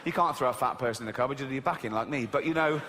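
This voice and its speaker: A man performing a stand-up routine, animated and mocking, swearing and acting out voices. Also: mid-range voice, very fast, long reverb tail, a little hiss or hum. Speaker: stand-up comedian.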